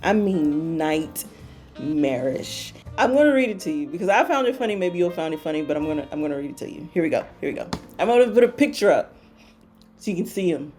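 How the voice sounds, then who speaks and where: A woman's voice: fairly low pitch, animated, quick pace, a little mellow, soft background music. A woman hosting a book talk, retelling a story in a casual, playful way and repeating phrases for emphasis.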